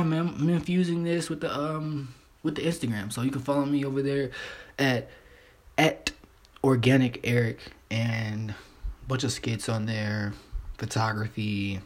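Laid-back rambling man, mid-pitched. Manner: stutters and restarts. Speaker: podcast host. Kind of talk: casual solo podcast monologue.

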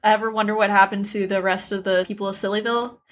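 A woman co-hosting a podcast in casual comedic chat, making dry, deadpan jokes. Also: medium pitch, fast. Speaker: podcast co-host.

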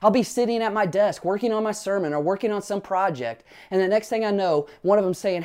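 A man's voice: high-pitched, quick pace, few pauses, a little mellow, smooth. A man preaching a sermon as pastor, earnestly asking his listeners rhetorical questions and telling personal family stories.

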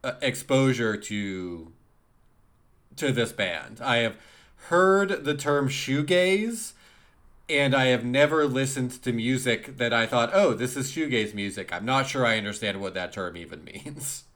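A man's voice: medium pitch, lively intonation, unhurried, fairly bright tone. Chatty, laughing male podcast co-host. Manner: chatty, laughs often, repeats words. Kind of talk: casual chat.

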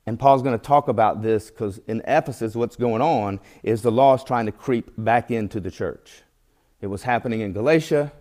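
A man's voice: mid-range voice, a little mellow. Male Bible teacher, mid-range voice, earnest sermon delivery with homespun illustrations. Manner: earnest, reads scripture aloud and tells folksy illustrations.

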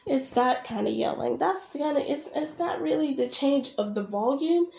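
A woman's voice: high voice, animated, moderate pace, vocal fry, darkish tone, roomy sound. Sarcastic young woman ranting. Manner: sarcastic, blunt, swearing. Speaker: reaction vlogger. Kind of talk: ranting reaction commentary.

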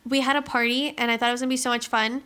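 A young woman talks in a relaxed, chatty way and keeps returning to "like." Her voice sits a bit high and sounds bright and clear, and she laughs a little as she tells her story. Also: rapid-fire. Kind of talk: casual chat.

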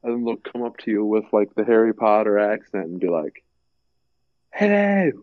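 A young man chatting casually, rambling with lots of fillers and breaking into animated impressions. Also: fairly low pitch, a little fast, no echo, phone-quality sound. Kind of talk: casual chat.

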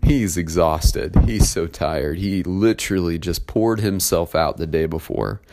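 A man preaching a sermon, reading a Bible passage and then explaining it in a relaxed, conversational way with frequent filler words. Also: sits low, a little slow. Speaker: pastor.

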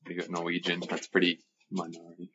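Deep bright-toned joking podcast man. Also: monotone, fast, lo-fi sound, slight background noise. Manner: joking, laughs often. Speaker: podcast co-host. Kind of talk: casual chat.

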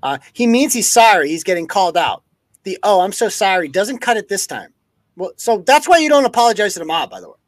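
A man's voice: sits high, very animated, brisk, no echo. A man hosting a live news-commentary podcast, ranting with heavy profanity and sarcasm. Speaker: podcast host.

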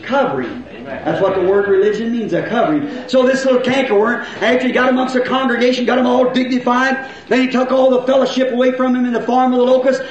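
A middle-aged man preaching a revival sermon to a congregation, in folksy rural grammar, asking questions and now and then breaking into shouts. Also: very high voice, fast, highs cut off. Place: church hall with congregation. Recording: very echoey old church recording.

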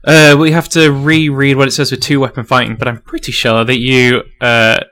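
A man's voice: medium pitch, flat delivery, moderate pace, sharp tone. A man narrating a tabletop role-playing game as game master, casual and full of fillers, laughing often.

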